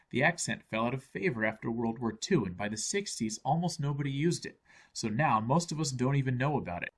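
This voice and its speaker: A man's voice: mid-range voice, a bit bright, husky. A man narrating a scripted film review in an earnest, explanatory way.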